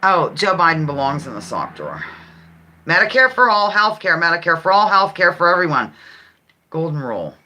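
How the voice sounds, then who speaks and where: A woman's voice: lowish voice, very animated, normal speed, pushed and bright, slight background noise. A woman hosting a casual live-stream game, chatting and reading out viewers' answers with frequent giggles. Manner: chatty, giggly, reads viewer comments aloud. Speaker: livestream host.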